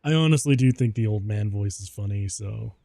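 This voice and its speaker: A man's voice: on the low side, a little fast, vocal fry, warm tone, no room sound. A man commentating his own game stream, chatty and self-deprecating, laughing often. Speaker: VTuber streamer.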